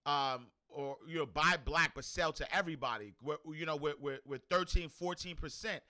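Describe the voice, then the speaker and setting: A man's voice: a little high, moderate pace, sharp tone. A man hosting a daily show, talking casually with many fillers, restarts and frequent "right?" checks. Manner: asks "right?" often. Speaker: host. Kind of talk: casual commentary.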